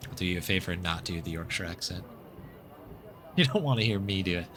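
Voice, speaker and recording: A man's voice: low voice, animated, fast, fairly bright tone, a little hiss or hum. An American man streaming a story game, reading its narration aloud with casual, chatty asides and thanking viewers.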